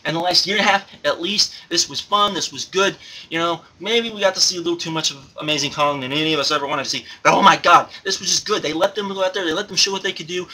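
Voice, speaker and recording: A man's voice: high-pitched, bright, forceful tone, heavily acted, poor audio. A man doing a giddy, gushing alter-ego reviewer. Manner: gushing, repeats himself, exclaims often. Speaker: wrestling reviewer. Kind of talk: excited spoken review.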